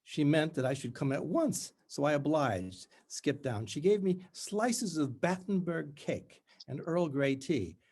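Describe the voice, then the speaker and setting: A man in his seventies, an author, talking reflectively about writing and reading from his book in a measured storytelling manner. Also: fairly high pitch, very animated, a little mellow. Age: 70s.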